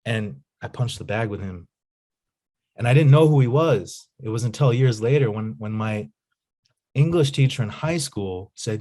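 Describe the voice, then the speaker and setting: A man telling stories in a casual interview as a guest, animated and slangy. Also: medium pitch, moderate pace. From United States. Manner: animated storyteller, slangy, says "man" and "you know". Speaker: guest, nonprofit founder.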